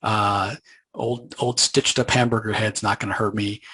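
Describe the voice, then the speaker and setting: A man doing a jovial, laid-back homeless guy, husky bright voice. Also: on the low side, level tone, moderate pace. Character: cheerful homeless man joking about his buddy.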